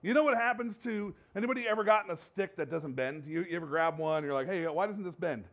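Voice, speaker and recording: Speaking fast in a high, slightly bright voice, a pastor preaches a sermon to his congregation in the church sanctuary. The style is conversational, with frequent repeats and restarts, and the audio sounds dull.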